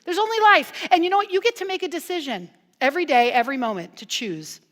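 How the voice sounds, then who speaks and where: A woman minister giving a conversational sermon, animated and playful in her storytelling, turning hushed and earnest at times. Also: high-pitched, fast. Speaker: guest minister. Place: church sanctuary. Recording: long reverb from a church hall.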